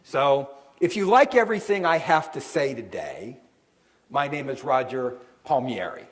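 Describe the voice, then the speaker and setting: A man's voice: medium pitch, lively intonation, a little slow. A middle-aged man, an author and seminar speaker, telling a story to a live audience and acting out the voices in it. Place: event hall with an audience.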